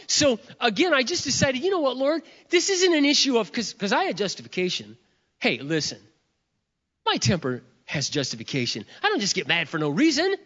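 A middle-aged man preaches in a lively, high voice, mocks himself, and acts out both sides of a prayer. The sound is muffled and carries a long echo through a large hall. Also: brisk. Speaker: pastor. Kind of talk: sermon with storytelling.

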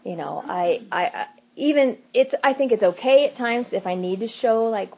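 A woman in her thirties giving earnest, faith-based advice in casual talk, acting out little quoted asides in a hushed voice. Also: a little high, animated, normal speed, highs cut off, slight background noise.

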